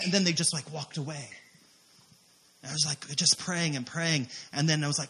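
Man, missionary preacher, sermon testimony, bright voice, higher pitch, animated, acts out quotes. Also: fairly quick.

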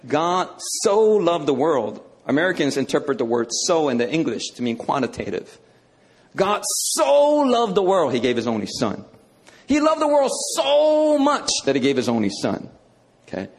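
A man's voice: medium pitch, darkish tone. A male preacher teaching a sermon in a conversational, emphatic way, often checking in with "okay".

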